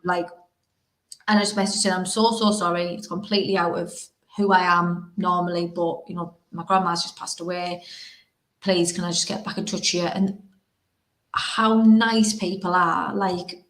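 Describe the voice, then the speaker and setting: A woman's voice: on the low side, level tone, normal speed, fairly bright tone. Candid woman, roomy sound. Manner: emotional, rambling, frank. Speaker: podcast host. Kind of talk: casual conversation. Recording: roomy echo.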